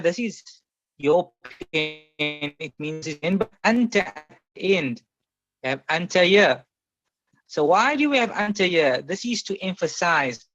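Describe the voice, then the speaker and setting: This Arabic grammar lesson comes from a man with a high-pitched, somewhat bright voice who patiently repeats each example several times for the class. The recording is echo-free but muffled and slightly lo-fi.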